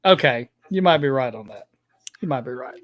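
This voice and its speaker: A man's voice: medium pitch, lively intonation, normal speed, fairly bright tone. A man co-hosting a podcast, joking and teasing in casual banter. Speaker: podcast co-host. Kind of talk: casual chat.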